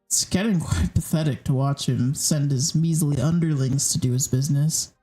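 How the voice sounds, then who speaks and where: Woman putting on a smug gentleman mage, haughty, mocking, a bit low. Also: normal speed, faint music behind, natural voice, low-quality recording. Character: suave, condescending gentleman mage.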